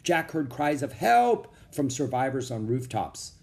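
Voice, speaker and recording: A man narrating a children's chapter book aloud in a steady, expressive reading. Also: mid-range voice, moderate pace. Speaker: audiobook narrator. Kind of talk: storybook read-aloud.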